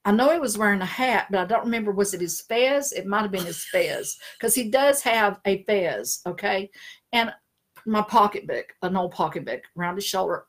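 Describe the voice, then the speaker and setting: A woman's voice: medium pitch, fairly quick. A middle-aged woman, a spiritual consultant chatting casually, laughing often and slipping into funny voices. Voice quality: chatty storyteller, laughs often, animated impressions. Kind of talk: casual chat on a live stream.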